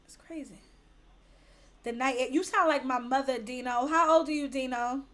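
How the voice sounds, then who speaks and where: A woman's voice: high-pitched, normal speed, a bit bright. A woman hosting a casual livestream, reading viewer comments aloud in a brash, profane and teasing way. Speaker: livestream host.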